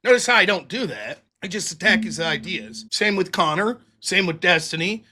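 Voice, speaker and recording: A man's voice: high voice, lively intonation, normal speed, bright, forceful tone. A man hosting a commentary show, reacting with exasperated, incredulous, profane remarks.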